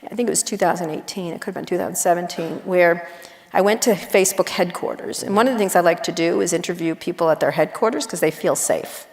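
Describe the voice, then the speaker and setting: A middle-aged woman talks on stage in a low, gravelly voice, blunt and wry, rattling off stories with quick asides. Her voice carries through a large auditorium with long reverb. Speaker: journalist guest on stage. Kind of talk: casual onstage conversation.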